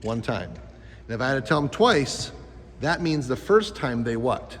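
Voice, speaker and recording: A man's voice: mid-range voice, very animated, a little slow, fairly bright tone. A man teaching a life skills class to youths, talking with energy and quizzing the kids with questions. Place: school gym. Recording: echoey gym hall.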